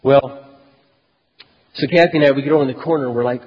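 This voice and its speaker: A man preaching, telling a personal story in a lively, conversational way that swings from loud to very quiet. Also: medium pitch, fairly quick, pauses often, slightly rough. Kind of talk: sermon storytelling. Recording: dull echoey hall recording.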